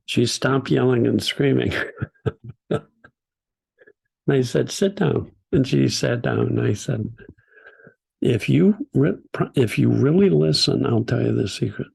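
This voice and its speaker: Gravelly older man telling stories. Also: medium pitch. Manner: gentle, unhurried storytelling with soft laughs. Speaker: teacher. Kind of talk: storytelling talk.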